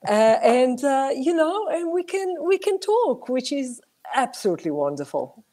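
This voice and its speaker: A woman with a mixed South African accent, a guest talking on a video call, expressive and searching for words. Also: sits high, moderate pace. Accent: South African mixed with other languages. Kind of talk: casual interview over video call.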